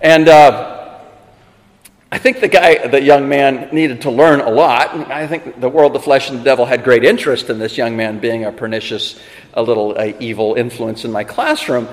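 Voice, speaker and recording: A man preaching a sermon in an animated, emphatic way, with conversational asides to the congregation. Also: mid-range voice, moderate pace. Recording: long hall reverb.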